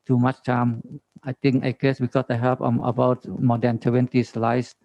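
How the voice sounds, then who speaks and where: A man with a Thai accent giving a halting conference presentation on forestry, pausing often and asking for the next slide. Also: mid-range voice, vocal fry, a little mellow, no room sound, lo-fi sound. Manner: halting, many fillers, reading slides. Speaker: government forestry official presenting.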